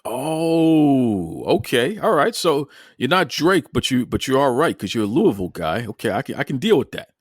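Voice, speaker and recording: A man with a Boston accent runs a casual podcast interview in a teasing, jokey way, tripping over his words as he goes. His pitch swings widely and his voice is very animated. The sound is close and dry, with no room echo. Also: moderate pace, hardly any pauses. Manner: jokey, stammering, lively teasing. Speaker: podcast host.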